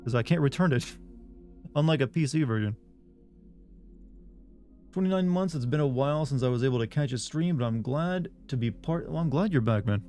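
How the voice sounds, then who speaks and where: A man's voice: mid-range voice, expressive, normal speed, pauses often, dark tone, faint music behind. A man from the US South, with no regional accent, streaming a game and chatting casually, reading viewer messages aloud and answering them in a rambling way. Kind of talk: casual live-stream chat.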